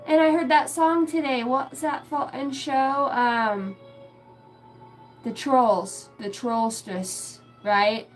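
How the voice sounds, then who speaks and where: High-voiced woman live-streaming, crude and giggly, cussing a lot, soft music behind her. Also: fairly even intonation, takes it slowly, rough recording. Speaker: livestream host. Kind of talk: rambling live-stream chat.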